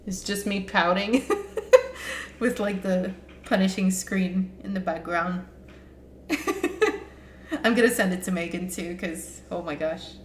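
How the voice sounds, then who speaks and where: A woman playing through a visual novel, reading its dialogue aloud and reacting in an animated way that is quick to laugh. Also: fairly low pitch, a little hiss or hum. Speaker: let's play gamer. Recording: echoey room with game music.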